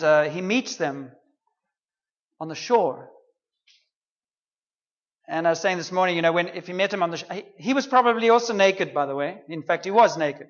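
High-voiced man preaching casually. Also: lo-fi sound. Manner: conversational, humorous, playful asides. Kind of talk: sermon.

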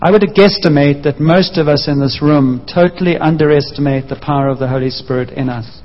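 A man preaching a sermon, telling a story with lively acted-out voices. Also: on the high side, a little fast. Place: church hall. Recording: dull sound with long hall reverb.

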